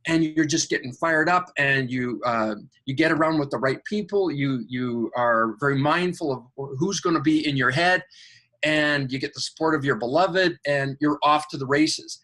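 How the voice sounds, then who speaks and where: Bright-voiced enthusiastic male coach. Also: normal speed. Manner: acts out angels' voices in a higher, excited tone; enthusiastic, spiritual coaching talk. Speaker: podcast guest, coach. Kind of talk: animated storytelling interview.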